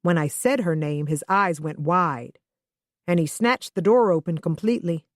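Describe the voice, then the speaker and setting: A woman reading a first-person thriller audiobook in a steady, even manner. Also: on the low side, moderate pace, no echo, studio quality. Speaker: audiobook narrator.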